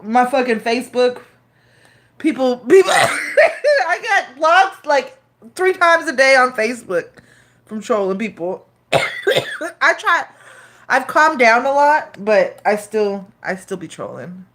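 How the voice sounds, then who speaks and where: A woman in her thirties rambles loosely to her live-stream chat, swearing freely and restarting sentences with fillers. Her slightly high, fairly bright voice is animated but a little slow, with frequent pauses.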